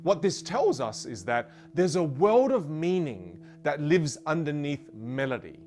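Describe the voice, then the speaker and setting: A man teaching an online voice course, animated and playful, showing pitches from low to high. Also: unhurried, faint music behind. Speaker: voice coach.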